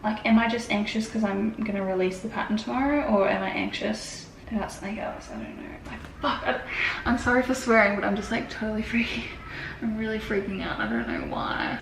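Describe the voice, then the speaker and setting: A woman's voice: medium pitch, expressive, brisk, creaky. A woman in her twenties in a casual vlog from her bedroom, stressed and tearful, rambling anxiously with lots of fillers and swearing. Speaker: sewing pattern designer. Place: bedroom at home. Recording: echoey room with faint background noise.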